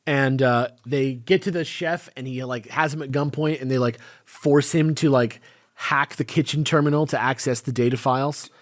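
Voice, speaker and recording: A man's voice: medium pitch, steady tone, moderate pace, no room sound, studio quality. Laid-back young man recapping comics. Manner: loose, laid-back recapping with lots of fillers and swearing. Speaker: podcast co-host. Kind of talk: casual comic book discussion.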